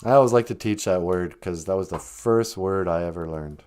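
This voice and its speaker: A man's voice: low-pitched, normal speed, a little mellow, clean tone. An older man hosting a live stream, telling chatty stories and laughing often as he talks. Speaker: host. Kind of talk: casual storytelling on a live stream.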